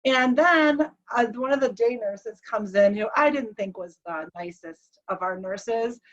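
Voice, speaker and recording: A woman's voice: on the high side, unhurried. A woman guest recounting a personal story with feeling, acting out the dialogue as she goes. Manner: animated retelling that acts out the dialogue. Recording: slightly dull lo-fi recording.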